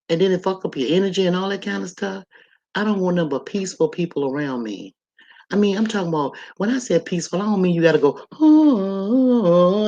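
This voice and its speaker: A man's voice: on the high side, a little mellow. A man, hosting a livestream and talking in a blunt, profane, rambling monologue. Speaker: livestream host.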